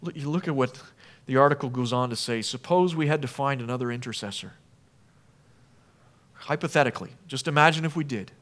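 A man preaching a sermon as pastor, earnest, asking the congregation many questions and swinging from emphatic appeals down to quiet, low passages. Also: fairly quick. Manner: asks the listeners many questions.

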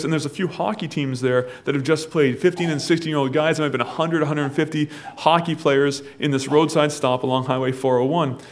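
A man preaching a sermon, telling a story and building to loud, impassioned exhortation. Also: fairly high pitch. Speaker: pastor.

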